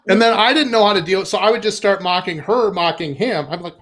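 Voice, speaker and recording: A man's voice: high voice, a bit bright, a little hiss or hum. A man from Minnesota doing a stand-up set on a live comedy stage, rambling, self-deprecating and laughing at his own jokes. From Minnesota, USA.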